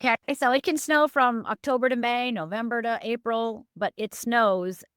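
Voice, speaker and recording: A middle-aged life coach from Upper Michigan, USA, appears as a podcast guest and shares a painful life story, earnest and emphatic, with sudden rises and drops in pitch. Her voice is steady, a bit bright and clean at normal speed, recorded with studio quality and no room sound.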